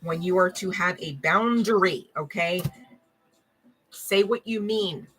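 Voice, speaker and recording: A woman's voice: mid-range voice, unhurried, faint music behind, poor audio. A woman giving a spiritual card reading to her audience in a casual, blunt, slangy way, swearing and laughing often.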